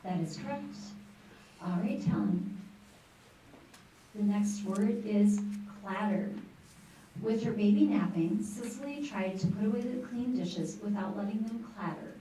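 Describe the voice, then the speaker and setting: A woman pronouncing words and reading example sentences at a school spelling bee, in a clear, encouraging, teacherly way. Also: mid-range voice, a little slow, dark tone. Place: large school room. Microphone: distant microphone. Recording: echoey room from far off, faint noise.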